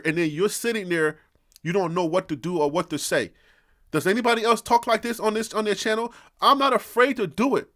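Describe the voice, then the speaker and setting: A man with a high, bright, ringing voice talks loosely to his live-stream audience. He shifts between earnest encouragement and playful teasing, laughing freely. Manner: animated, preachy, laughing, playful Liberian pidgin teasing. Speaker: sports channel host. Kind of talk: casual live-stream chat.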